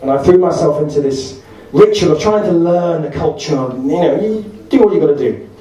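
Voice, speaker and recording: A man's voice: a little high, animated, normal speed, mellow, slight background noise. A man, doing rambling stand-up anecdotes at a party. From Essex, England. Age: 40s. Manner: rambling, chatty, self-correcting. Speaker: stand-up comedian. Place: large hall. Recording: echoey hall, far from the mic, crowd.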